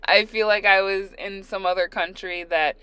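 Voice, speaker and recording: A young adult woman casually telling a story while doing her nails, animated and laughing as she re-enacts her own panic. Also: mid-range voice, normal speed, clean tone, no echo. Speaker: storyteller, nail art vlogger.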